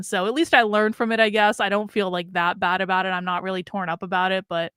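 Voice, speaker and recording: A woman's voice: medium pitch, steady tone, fast, few pauses, a bit bright, clean tone, dry recording, studio quality. A woman streaming a casual, candid monologue, swearing freely and laughing often, with an American accent. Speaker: streamer and commentator.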